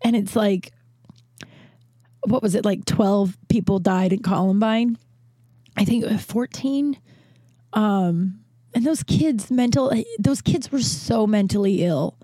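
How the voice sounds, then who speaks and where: Halting, emotional woman venting. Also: medium pitch, warm tone, no room sound, clean studio sound. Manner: halting, full of restarts and profanity. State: emotional, near tears. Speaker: vlogger. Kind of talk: emotional personal monologue to camera.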